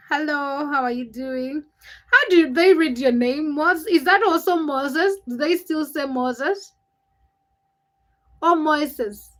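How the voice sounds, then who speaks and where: High, bright-voiced Ugandan woman streaming live. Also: low-quality recording. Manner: chatty and teasing, quick comebacks to viewers. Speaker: livestream host. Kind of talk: casual live-chat stream, reading and answering viewer comments.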